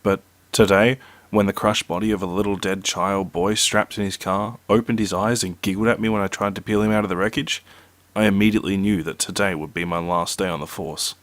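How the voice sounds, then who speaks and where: A man reading out short horror stories in a slow, measured narration. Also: deep voice, steady tone, dry recording. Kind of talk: reading scary two-sentence stories.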